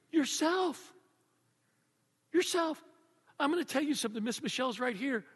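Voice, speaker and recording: An older man preaching a sermon to a congregation, animated and joking, laughing often. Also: extremely high pitch, slightly rough. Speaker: pastor. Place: church before a congregation. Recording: long reverb of a large church.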